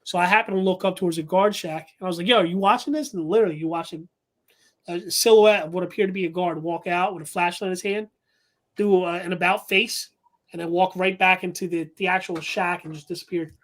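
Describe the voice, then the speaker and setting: A man's voice: sits high, steady tone, fast. Rambling male paranormal investigator storyteller. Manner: rambling with many fillers and restarts. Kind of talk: casual storytelling.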